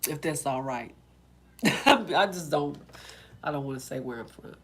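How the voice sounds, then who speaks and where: A chatty woman from Oklahoma, USA, hosts a self-care vlog and talks casually with live viewers, rambling and acting out quotes. Her voice is low, a bit slow and slightly rough, with lively intonation.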